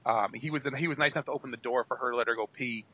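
Bright-voiced man telling profane stories. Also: medium pitch, racing, slightly rough, muffled recording. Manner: rambling, profane storytelling with acted-out quotes. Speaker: podcast co-host. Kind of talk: casual wrestling podcast chat.

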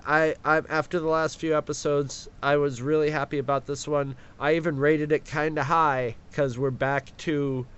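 A man's voice: a little high, clean tone. Dry, rambling podcast co-host man. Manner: rambling, dry, sarcastic-sounding. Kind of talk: casual chat. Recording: slightly dull lo-fi sound.

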